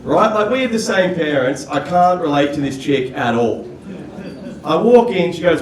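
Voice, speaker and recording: A man's voice: on the high side, expressive, unhurried. A man doing stand-up comedy in a casual, wry storytelling manner. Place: comedy club stage. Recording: echoey club, distant mic, noise.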